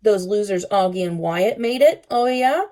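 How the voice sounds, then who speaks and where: A woman's voice: medium pitch, expressive, normal speed, mellow, close to an everyday voice. A woman voicing a schoolboy bully who taunts a younger kid in a mocking way. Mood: taunting.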